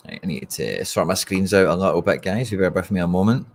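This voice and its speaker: Here a Scottish streamer talks his viewers through a football match at a quick pace, his low voice carrying a darkish tone. A little hiss or hum runs under the audio. As host of a fan watch-along, he's casual, frustrated and speaks bluntly to the audience.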